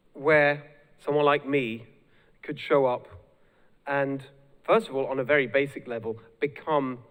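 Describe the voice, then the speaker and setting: A man with a British accent giving an energetic live speech as a guest speaker, rallying the crowd. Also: mid-range voice. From United Kingdom. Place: large hall with a live audience. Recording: long hall reverb.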